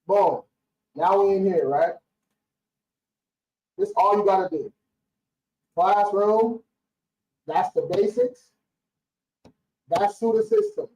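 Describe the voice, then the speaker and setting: Young guy ranting on a live stream, fired up, cussing, slangy, highish voice, kinda far off and echoey. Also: sing-song, slow, long pauses, darkish tone, a little hiss or hum. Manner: blunt, fired-up, slangy, swears freely. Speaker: credit repair business owner hosting a live stream. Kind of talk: casual live-stream talk. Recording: roomy, distant, dull lo-fi stream audio.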